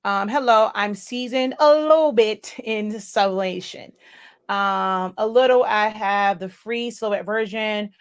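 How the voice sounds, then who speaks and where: A woman's voice: medium pitch, measured pace, smooth. Chatty woman hosting a live tutorial. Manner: chatty, loose, many fillers and asides to viewers. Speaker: livestream host teaching crafting software.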